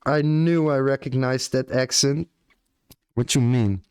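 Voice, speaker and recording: Young Australian man, unhurried live-stream chatter, dry close sound, casual and profane. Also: mid-range voice, fairly even intonation, darkish tone, clear, resonant tone, no room sound. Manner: laid-back, swears casually, often ends lines with "bro".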